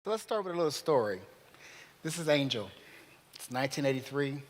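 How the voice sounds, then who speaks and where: A man speaking at a panel, telling a story in an animated way and acting out the dialogue. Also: mid-range voice, fairly quick. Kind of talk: storytelling talk. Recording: long reverb of a hall.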